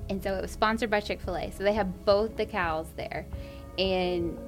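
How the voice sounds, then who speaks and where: A woman's voice: mid-range voice, steady tone, moderate pace, soft background music. A Texan woman co-hosting a casual chat, telling a story and acting out the quotes with lots of life. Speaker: podcast co-host.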